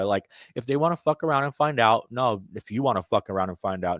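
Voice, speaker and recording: A man delivering a profane, rambling, conspiratorial monologue, swinging between loud outbursts and muttered asides. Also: medium pitch, fairly quick, few pauses, dry recording, studio quality. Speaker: self-styled candidate addressing viewers. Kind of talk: ranting monologue.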